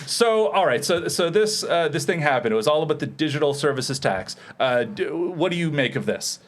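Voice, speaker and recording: A man's voice: on the high side, lively intonation, normal speed. A man hosting a casual comedy panel, rambling and joking as he leads the talk with questions. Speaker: host.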